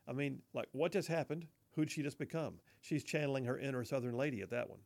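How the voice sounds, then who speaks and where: A man's voice: medium pitch, quick pace, vocal fry, hardly any pauses, a little mellow. A man hosting a political talk radio show, mocking and folksy, often saying y'all, speaking in a studio.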